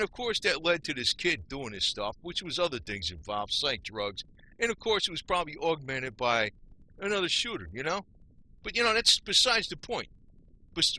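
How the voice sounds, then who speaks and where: This man's voice sits fairly high with a sharp edge as he delivers an angry, blunt monologue on his own YouTube channel. He keeps repeating points in casual slang, peppered with "man" and "you know."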